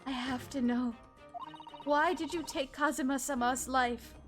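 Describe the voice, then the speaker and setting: A woman's voice: high voice, fairly even intonation, a little slow, over music, pitched above the performer's own voice. A woman voicing an earnest, formal young woman assistant in a game read-through. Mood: pleading.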